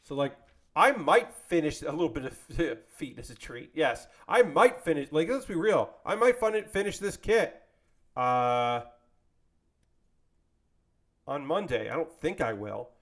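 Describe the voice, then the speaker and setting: A man's voice: a little high, a little slow, pauses often. A man chatting casually with his live-stream audience while building a model kit, rambling and joking as he goes. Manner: rambling, animated, jokey, talks to chat.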